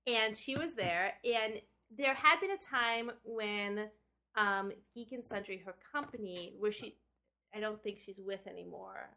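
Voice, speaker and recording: A woman's voice: mid-range voice, measured pace, gravelly, sharp tone. A woman game designer, a guest in a casual interview, telling stories in a rambling, self-deprecating way with many fillers.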